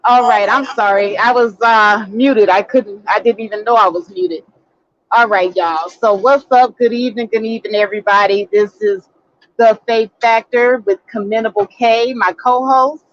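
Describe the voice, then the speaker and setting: A woman's voice: fairly high pitch, fairly even intonation, normal speed. A woman hosting her own live stream, talking casually and emphatically to viewers and repeating her key words. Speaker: host. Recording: dull lo-fi dry sound.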